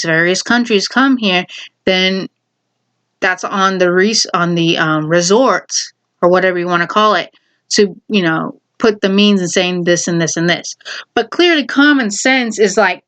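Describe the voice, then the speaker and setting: A woman's voice: medium pitch, fairly bright tone. A woman vlogger telling a personal story in casual talk, heated and exasperated, swearing freely.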